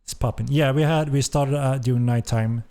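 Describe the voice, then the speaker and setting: A man's voice: mid-range voice, fairly even intonation, normal speed, dark tone. A man hosting a game developer stream, giving enthusiastic live commentary as he plays and repeating his praise. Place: at a computer playing the game.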